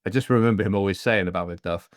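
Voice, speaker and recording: Rapid-fire and low-voiced, a Devon-born podcast host chats casually, recorded close on a studio mic with headphones and no echo. He rambles and jokes, often doing voices as he tells stories.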